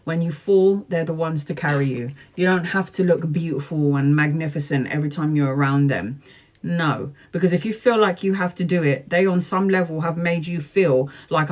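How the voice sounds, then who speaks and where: A woman's voice: low-pitched, normal speed, dull audio. Earnest woman preaching self-love. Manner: earnest, emphatic, motivational, with repeated slogans. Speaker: tarot reader. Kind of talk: live social-media talk answering viewer questions.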